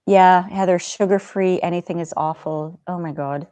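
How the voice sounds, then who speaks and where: A gentle, chatty middle-aged woman hosting a live stream, talking to viewers and laughing now and then. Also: lowish voice, steady tone, moderate pace, no echo. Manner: gentle, chatty, laughs often, soft asides. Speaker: live stream host reading chat. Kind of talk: casual live stream chat.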